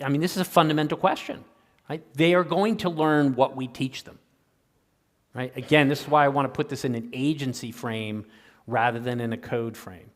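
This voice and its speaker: An older male lecturer answers audience questions in an easy, conversational way, tagging "right?" onto his points. His voice sits at a medium pitch. The sound carries the long reverb of a lecture hall. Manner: conversational, keeps asking "right?".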